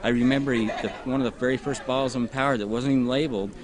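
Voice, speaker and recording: Halting, emotional man at a busy outdoor event. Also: medium pitch, steady tone. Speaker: interview guest. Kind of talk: casual emotional testimony. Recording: outdoors with a crowd behind.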